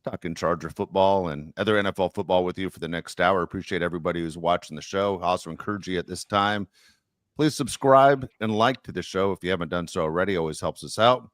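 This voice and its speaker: A podcast host with a low, deep voice talks fast on a casual sports show, rambling, joking and circling back with frequent fillers. The recording is close and dry, with no echo or room sound at all.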